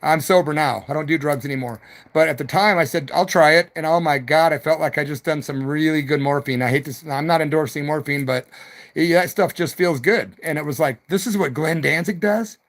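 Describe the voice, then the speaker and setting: A man's voice: fairly high pitch, fairly quick, a bit bright. A middle-aged man, a rock musician, rambling through stories on his evening live stream with loose slang and the odd hoot.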